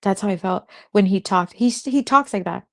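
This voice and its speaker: A woman's voice: mid-range voice, fairly quick. A woman hosting a casual spiritual livestream, chatting and reacting to comments with frequent laughter. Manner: giggly, laughs often between remarks. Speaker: spiritual content host.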